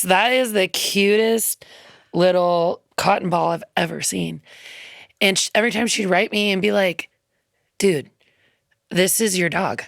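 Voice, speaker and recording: Woman, low gravelly voice, chatty heartfelt storytelling, dry close studio sound. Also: a bit bright, no room sound. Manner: chatty, heartfelt, loose with ums and quoted asides. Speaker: musician guest. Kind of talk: casual interview storytelling. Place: radio studio.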